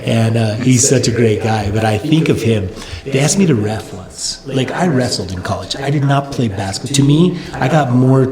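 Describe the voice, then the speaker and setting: Guy telling an animated story on an interview show, gets louder and higher as it builds, roomy echo with crowd noise behind. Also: moderate pace. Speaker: company founder and guest.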